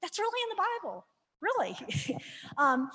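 High-voiced woman teaching with sarcastic humor. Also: unhurried. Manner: lively, sarcastic, acts out characters. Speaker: Bible teacher. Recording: reverberant hall.

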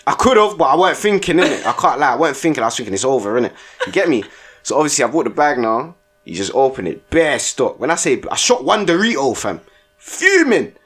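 A young man with a mid-range, slightly rough and somewhat bright voice co-hosts a casual podcast, telling stories at a quick pace with big pitch swings. He uses heavy slang, laughs often and tags lines with "innit," and faint music plays behind.

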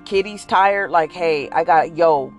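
A streetwise tomcat who brags in a loose, slangy drawl and breaks into high meows, as a woman puts him on. His talk stays easygoing and full of swagger. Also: measured pace, faint music behind, natural voice. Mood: boastful. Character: laid-back male tomcat, boastful and streetwise.

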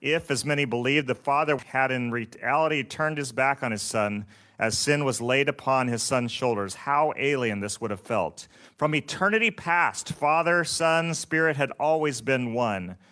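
A man preaching a sermon, reading scripture in a slow, solemn and measured way. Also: mid-range voice, sharp tone. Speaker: pastor.

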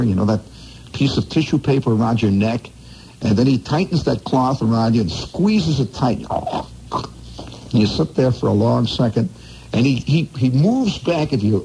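A man hosting a radio show, telling wry, rambling comic stories in a conversational way, dropping to a low mutter and jumping up high for emphasis. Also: gravelly, warm tone, slight background noise, poor audio. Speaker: radio host.

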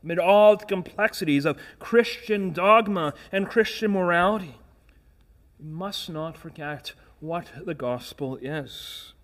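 Pastor, male, fairly high voice, earnest emphatic sermon delivery with rhetorical questions. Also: a little slow, a bit bright.

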